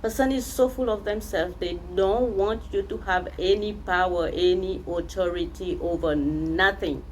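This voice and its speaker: Brief: woman tarot reader, low voice, emphatic and repetitive, faint hiss behind. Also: normal speed, hardly any pauses, darkish tone, low-quality recording. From Seychelles. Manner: emphatic, repeats phrases, speaks directly to the viewer. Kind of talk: spiritual tarot reading.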